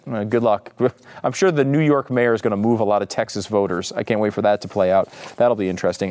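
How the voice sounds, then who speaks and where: A man's voice: medium pitch, darkish tone. A man hosting a political talk podcast, delivering sarcastic commentary with frequent asides. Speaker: podcast host.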